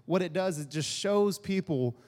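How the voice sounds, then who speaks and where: A man's voice: high-pitched, moderate pace, a little mellow. A man preaching a casual, joking sermon and acting out grumbling asides in a church hall. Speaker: pastor. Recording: long hall reverb.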